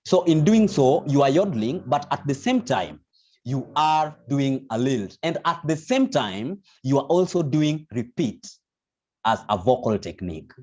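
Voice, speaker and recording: A man's voice: medium pitch, sing-song, measured pace, darkish tone. A man teaching an online vocal lesson, explaining patiently with many restarts. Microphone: video call. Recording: dull lo-fi video call audio.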